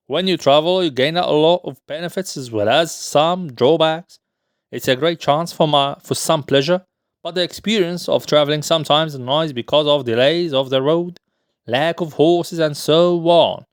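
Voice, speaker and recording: A man's voice: a little high, normal speed, clear, resonant tone, dry recording, clean studio sound, lightly acted. A man voicing an anxious, scheming older male town governor, as he reads a play aloud. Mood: fawning. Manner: muttered asides, fawning when aloud.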